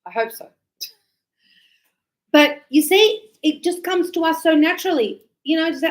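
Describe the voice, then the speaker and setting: Animated middle-aged woman English teacher, high voice, acts out examples. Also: normal speed, pauses often. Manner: animated, acts out little dialogues. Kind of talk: lively teaching explanation with acted examples.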